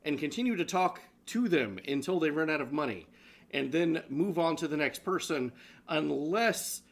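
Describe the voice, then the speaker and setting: A man's voice: fairly high pitch, lively intonation, normal speed. A man co-hosting a live stream show, chatting casually with profane, laughing banter. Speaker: co-host.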